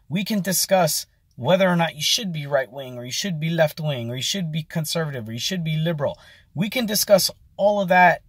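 Husky-voiced man in his forties, rambling. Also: on the high side, no room sound, studio quality. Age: 40s. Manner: rambling, many fillers and restarts. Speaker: vlogger. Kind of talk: casual storytelling.

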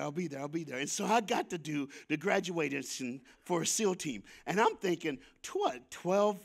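Lively storytelling preacher man, higher-pitched. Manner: lively storyteller with sudden shifts between loud and soft, chuckling; casual slangy talk. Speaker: guest speaker at a church. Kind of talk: storytelling sermon with call-and-response. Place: church before a congregation.

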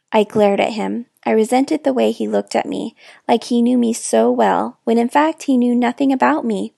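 A woman reading a children's novel aloud in expressive first person, with dramatic hushed moments, close to the mic. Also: on the high side, moderate pace, gravelly, dry recording. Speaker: storyteller. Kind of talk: children's book read-aloud.

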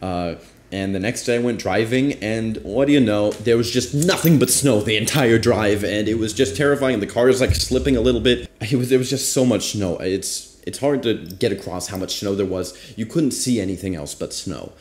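A man's voice: lowish voice, normal speed, darkish tone. A young man casually telling a rambling, self-deprecating travel story as a vlogger. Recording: roomy echo.

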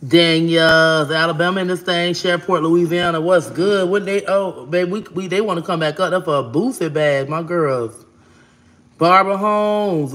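A woman hosting a casual livestream, talking fast and giving shout-outs to viewers as she reads their comments. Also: low-pitched.

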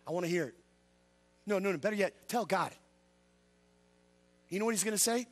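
A man preaching a revival sermon as an evangelist, calling out questions to the congregation and swinging between loud exclamations and low quiet asides. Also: a little fast, faint music behind. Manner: call-and-response with the congregation. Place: church.

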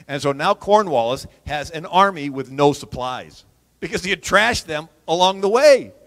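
Lively man storyteller in a reverberant hall. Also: on the high side. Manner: lively, vivid storyteller who adds sound effects. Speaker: historian giving a talk. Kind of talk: animated storytelling talk.

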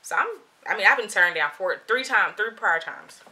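A woman vlogger telling a shopping story in a lively, slangy, animated way. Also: mid-range voice, moderate pace. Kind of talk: storytime vlog.

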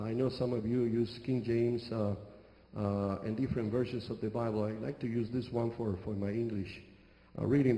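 A man preaching a church sermon as a bishop, with a halting delivery that repeats words and pauses on fillers. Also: mid-range voice, mellow. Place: church hall. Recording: echoey hall with long reverb.

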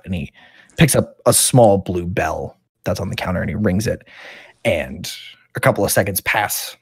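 A man narrating as dungeon master in a casual tabletop game, with many pauses and "um"s. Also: deep voice, gravelly, breathy edge, no room sound.

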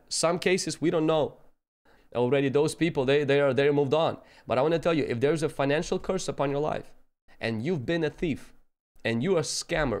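A man preaching a sermon, telling personal stories and acting out the people he quotes in an earnest way. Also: a little high. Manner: earnest, acts out quoted voices.

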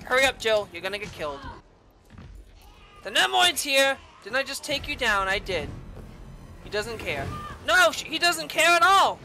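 A woman giving gameplay commentary, yelling and swearing at the game, with sarcastic asides between outbursts. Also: sits high, big pitch swings, moderate pace, long pauses, faint music behind. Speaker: gaming channel host.

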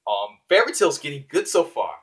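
Excitable male manga reviewer, casual and rambling, talking to his viewers. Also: fairly high pitch, normal speed. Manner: excitable, lots of fillers and restarts.

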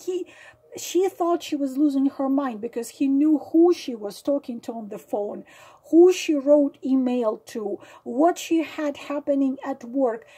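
A woman's voice: high voice, a little slow, warm tone, low-quality recording. A woman tarot reader explaining a card through real-life stories, hesitant with many fillers and leaning hard on dramatic words.

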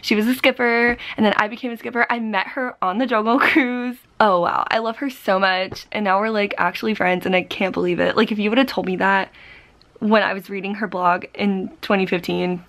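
A young woman vlogging casually, gushing and excitable, often saying "literally". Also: mid-range voice, a little fast. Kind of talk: casual vlog chat. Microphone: compact camera.

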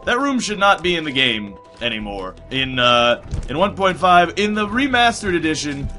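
A man with a sore, strained voice, rambling excitably through casual commentary on a game he is playing. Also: a little high, moderate pace, soft background music. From United States. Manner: rambling, excitable, swears often. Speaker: gaming commentator. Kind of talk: casual let's play commentary.

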